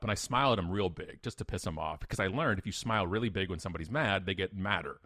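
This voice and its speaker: A middle-aged man sits as a podcast guest and spins a story from his own life. His voice sits low and sounds dry and close. He talks bluntly and with emphasis, repeats his punchlines, and pokes fun at himself. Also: animated, quick pace, fairly bright tone, no echo. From Canada. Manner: blunt, emphatic, self-mocking, repeats phrases. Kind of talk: animated personal storytelling.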